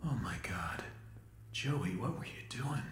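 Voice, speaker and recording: A man's voice: fairly low pitch, expressive, slow, echoey room, slight background noise. An actor playing a man wandering an abandoned animation studio, wondering aloud in a puzzled way.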